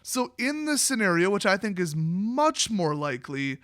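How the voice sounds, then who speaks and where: A young man from Wisconsin hosts his own card game video, talking alone with blunt, emphatic sarcasm. His voice sits a little high for a man. The recording is dry and close, with no room sound. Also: big pitch swings, normal speed, fairly bright tone, no room sound. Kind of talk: opinionated solo commentary.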